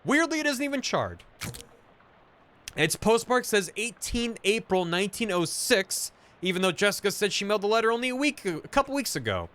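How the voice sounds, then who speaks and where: Bright, lively male game streamer. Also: sits high, normal speed. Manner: casual asides between narration. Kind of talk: reading game text aloud while playing.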